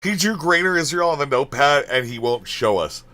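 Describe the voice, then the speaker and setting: A man's voice: on the high side, lively intonation, brisk, sharp tone. A male streamer reading out his chat and answering it, exasperated and swearing, trailing off into muttered asides.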